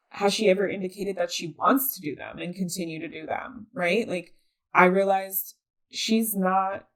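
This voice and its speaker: A young adult woman hosting a solo podcast, talking in an earnest, conversational way with many fillers and restarts. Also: fairly low pitch. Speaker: podcast host. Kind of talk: reflective solo podcast talk.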